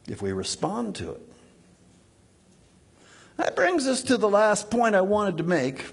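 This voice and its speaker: A man's voice: on the high side, slightly rough, long reverb tail. A man preaching a sermon as a pastor, conversational and emphatic, acting out quoted lines.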